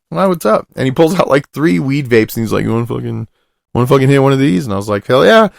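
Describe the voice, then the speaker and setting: A young male podcast host with a creaky mid-range voice, recorded studio-quality with no echo, tells a long, rambling story casually. He swears often and drops his voice when quoting other people.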